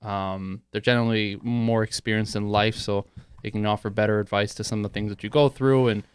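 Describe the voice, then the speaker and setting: A man's voice: lowish voice, steady tone, fairly quick, smooth, no echo. A man in his thirties co-hosting a podcast, laid-back but swearing freely and getting fired up. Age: 30s. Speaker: podcast co-host. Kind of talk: casual podcast banter.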